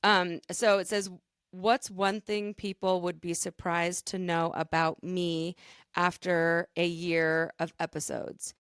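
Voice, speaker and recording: Woman co-host, earnest and rambling, lowish voice, dry close sound. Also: flat delivery, takes it slowly, fairly bright tone, clear, resonant tone, dry recording. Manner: earnest, rambling with many fillers. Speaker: podcast co-host. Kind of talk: casual chat.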